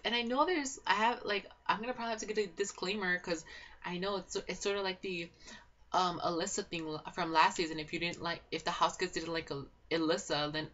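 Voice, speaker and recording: A young woman giving a casual, gossipy reality show recap, excitable and swearing a lot, with constant filler words. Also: fairly low pitch, fast talker, slight background noise. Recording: dull lo-fi home recording.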